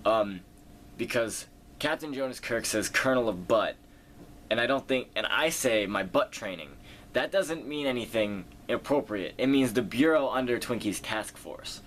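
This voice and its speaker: A man with a somewhat low voice talks casually as he works through questions about his video series. He wanders, restarts sentences and fills gaps with hesitations. A faint hiss sits under the voice. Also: a bit bright. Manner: rambling, many fillers and self-corrections. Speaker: video series creator answering viewer questions. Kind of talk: casual Q&A monologue.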